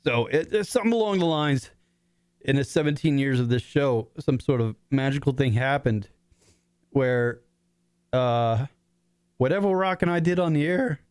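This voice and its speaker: A man's voice: mid-range voice, normal speed, darkish tone, clean tone, no room sound. Profane, emotional man rambling as host. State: emotional, voice cracking. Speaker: podcast host. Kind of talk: emotional casual monologue.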